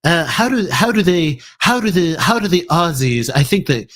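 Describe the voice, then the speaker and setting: Stewie as a man attempts him in a rough Aussie drawl. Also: fairly high pitch, very animated, fairly bright tone, pitched above the performer's own voice. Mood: fumbling. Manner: halting, stumbling, giving up mid-line. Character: cartoon baby doing a broad Australian accent.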